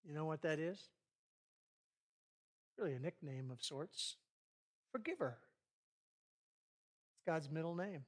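A man's voice: fairly high pitch, expressive, takes it slowly, pauses often. A man preaching a sermon on marriage to a live audience, acting out quoted arguments with animation. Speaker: pastor leading a marriage session.

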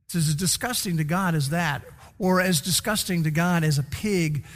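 A man's voice: a little high, normal speed, big-room sound. A man preaching a sermon as pastor, teaching and repeating key words for emphasis.

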